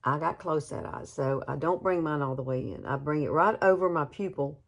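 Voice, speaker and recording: Woman, 50s, low voice, chatty, rambling, casual makeup tutorial. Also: brisk, vocal fry. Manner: chatty and rambling, with homey asides. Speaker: beauty vlogger.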